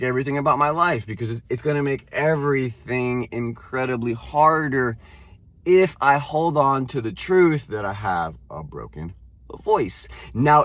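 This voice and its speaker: A man's voice: medium pitch, fairly bright tone, no echo. A man who stutters, with repeated words and restarts, talking casually and reflectively to camera as host of his own channel. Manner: casual, says "like" and "dude" often. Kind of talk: reflective self-help monologue.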